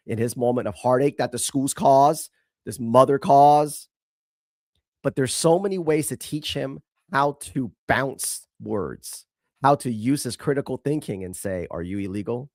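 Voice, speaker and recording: Host type, male, medium pitch, blunt and emphatic, dry close sound. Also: a little mellow, no room sound. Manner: blunt, emphatic, swears freely. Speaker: show host. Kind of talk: opinionated commentary show.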